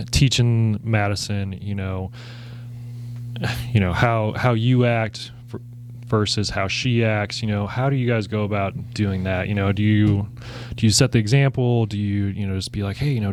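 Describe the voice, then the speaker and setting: A man's voice: fairly low pitch, fairly even intonation, normal speed, darkish tone, a little hiss or hum. A man, co-hosting a podcast, asking long, rambling questions full of fillers. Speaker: podcast co-host. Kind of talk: casual chat.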